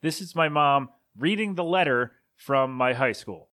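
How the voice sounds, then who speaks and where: Man, thirties, podcast host, casual monologue, wanders and self-corrects, mid pitch. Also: animated, measured pace, pushed and bright. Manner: rambling, self-correcting storyteller.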